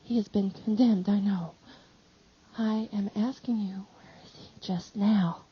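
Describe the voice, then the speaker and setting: A woman voicing a gentle, heartbroken grieving mother who speaks softly in short, paused sentences. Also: medium pitch, steady tone, breathy edge. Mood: hushed. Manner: soft, hushed, speaks in short pauses as if panting. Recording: slightly dull lo-fi audio.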